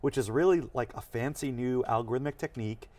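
A man's voice: mid-range voice, a little hiss or hum. A man, a technology executive, explaining ideas with energy in a studio interview. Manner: energetic, explanatory, fast bursts. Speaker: chief technology officer, guest.

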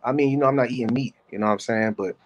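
A man in his thirties giving casual reaction commentary, animated and rambling, talking to his chat by name. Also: mid-range voice, very fast, dull audio. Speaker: commentary host.

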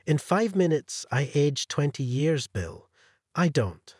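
A cheating wife caught out, begging in a husky voice with lively rises and falls in pitch, as a male story narrator puts her on. The read is close and dry, like an audio story told straight to the listener. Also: takes it slowly, no room sound, full character voice. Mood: pleading.

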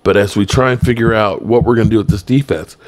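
A man's voice: on the low side, fast talker. A middle-aged man hosting a sports podcast, giving blunt, rambling commentary in a tired late-night way. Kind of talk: casual solo commentary.

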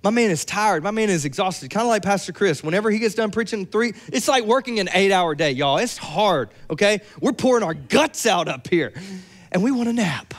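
A young adult man preaching a sermon, lively and joking with playful asides. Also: high voice, a little fast. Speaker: pastor.

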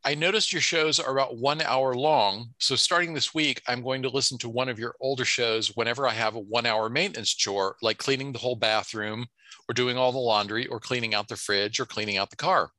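A man's voice: medium pitch, brisk, pushed and bright, no room sound. A man co-hosting a podcast who reads listener comments aloud and makes dry asides in casual chat.

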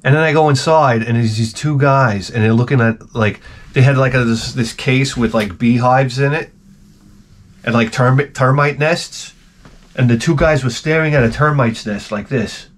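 A man hosts his own video and rants through a story in a loose, profane way. He jumps between loud outbursts and quiet muttered asides, restarting his sentences as he goes. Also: medium pitch, normal speed, a little hiss or hum. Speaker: video host. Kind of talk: rambling comic rant to camera.

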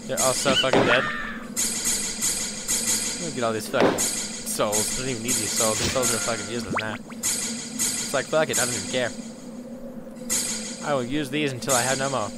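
A man commentating on his own gameplay, swearing a lot and making sarcastic, excitable remarks. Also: medium pitch, normal speed, long pauses, over loud music. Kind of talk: profane let's-play commentary.

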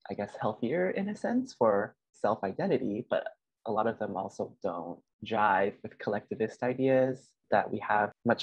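A man therapist speaks thoughtfully in a podcast chat, pausing and restarting as he goes. His voice is gravelly and husky and sits on the low side. The recording is dry and muffled. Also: dry recording. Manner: thoughtful, halting. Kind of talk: casual panel chat.

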